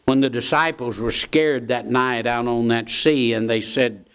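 A man's voice: mid-range voice, steady tone, unhurried, fairly bright tone, clear, resonant tone. A man preaching a sermon in a folksy way, repeating key phrases for emphasis.

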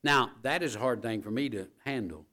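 A man preaching a sermon, addressing the congregation directly, repeating key phrases and building to loud, emphatic peaks. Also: medium pitch, fairly quick. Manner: talks straight to the congregation with asides like "all right?".

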